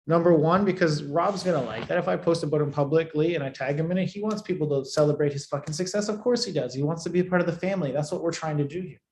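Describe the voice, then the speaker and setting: A man teaching a live online class, fairly high in pitch for a man. He talks bluntly and swears a lot, raising his voice and then dropping it low to make a point. His voice rings in an echoey room. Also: fast talker, few pauses, slight background noise. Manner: blunt, profane, emphatic, swings loud and soft. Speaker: marketing coach.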